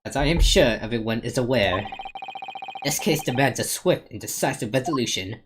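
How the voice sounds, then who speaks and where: A woman streamer voicing a solemn judge who speaks in grave, measured declarations. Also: a bass voice, expressive, noisy background, voice pushed down. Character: solemn courtroom judge, man.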